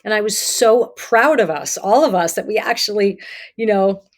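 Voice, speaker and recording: Middle-aged woman, interview guest and therapist; lively storyteller who acts out dialogue, mid-pitched. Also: moderate pace. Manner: animated, acts out quoted dialogue. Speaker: guest psychotherapist.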